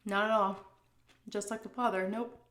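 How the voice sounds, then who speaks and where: A woman's voice: mid-range voice, little pitch movement, moderate pace, fairly bright tone, reverberant. A woman vlogger chatting frankly while she eats, reading out viewer questions and answering them. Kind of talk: casual chat while eating.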